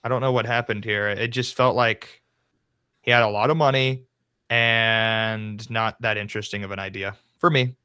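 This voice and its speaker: A man co-hosts a casual movie podcast with a bright, sharp-edged voice. He gets worked up fast, cursing and ranting in playful outrage. The sound is dry and close, with no room around it. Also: on the low side, smooth, no echo. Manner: animated, swearing, rants with mock outrage. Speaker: podcast co-host. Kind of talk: casual film discussion.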